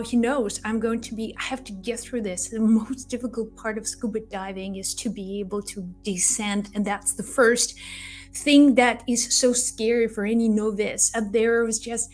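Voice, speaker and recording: A woman's voice: on the high side, darkish tone. A woman giving a spiritual card reading, who tells a personal story in an earnest, reassuring way and repeats phrases often. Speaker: tarot card reader.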